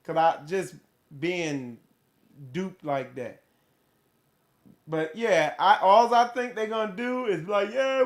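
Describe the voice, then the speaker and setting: A man hosting a spiritual livestream, rambling casually to his viewers with rhetorical questions and the odd swear word. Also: high voice.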